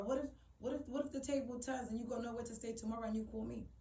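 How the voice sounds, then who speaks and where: A woman's voice: on the high side, fast talker, hardly any pauses, mellow, roomy sound, far from the mic, low-quality recording. A young woman telling a personal story to camera, blunt and swearing, rising to indignant outbursts. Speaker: vlogger.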